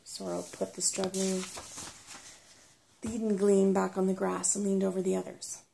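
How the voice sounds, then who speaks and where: A woman reading a children's novel aloud in calm, soft-spoken ASMR storytelling. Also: mid-range voice, normal speed, gravelly, pauses often, low-quality recording. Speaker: ASMR reader.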